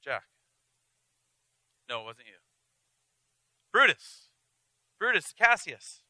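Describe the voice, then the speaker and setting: A man's voice: sits high, big pitch swings, slow, pushed and bright, no echo, rough recording. A man as pastor preaching an earnest, conversational sermon with frequent restarts and asides.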